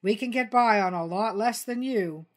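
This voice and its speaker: A woman voicing Dilly, a calm, persistent jungle news creature who presses her points. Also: medium pitch, moderate pace, pitched above the performer's own voice, lightly acted.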